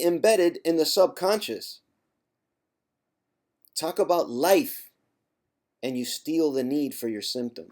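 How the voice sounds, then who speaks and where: A man, a former chronic pain sufferer, talking straight to camera in a vlog with an emphatic, teasing tough-love delivery, clearing his throat now and then. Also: on the high side, slow pace, pauses often, darkish tone. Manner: conversational, with frequent throat clearing. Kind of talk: direct-to-camera vlog monologue.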